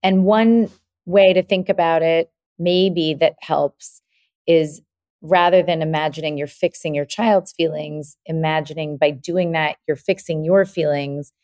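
A woman's voice: deep voice, darkish tone. A woman hosting a podcast interview, affirming her guest and reflecting on parenting questions. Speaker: podcast host.

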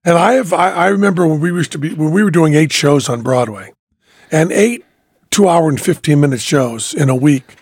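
Husky-voiced man telling stage stories. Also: fairly high pitch, normal speed, no echo, studio quality. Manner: storytelling, reflective, with many fillers and restarts. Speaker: podcast host. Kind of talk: casual conversation.

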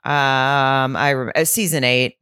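A woman co-hosting a podcast in casual chat, blunt and quick to swear. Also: very deep voice, steady tone, fairly bright tone, clear, resonant tone, dry recording, studio quality. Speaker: podcast co-host.

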